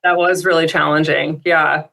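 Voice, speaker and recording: A woman's voice: low-pitched, little pitch movement, normal speed, gravelly, sharp tone. A woman speaking as an expert guest on a coaching call, reflective and upbeat, with many casual fillers.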